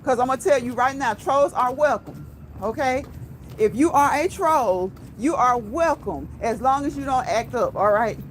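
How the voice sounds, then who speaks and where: High-voiced woman chatting on a walk. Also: lively intonation, moderate pace. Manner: playful, chatty, laughs often, talks to chat directly. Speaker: livestream host. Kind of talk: casual livestream chat while walking. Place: outdoors on a city street. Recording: outdoor street noise with traffic.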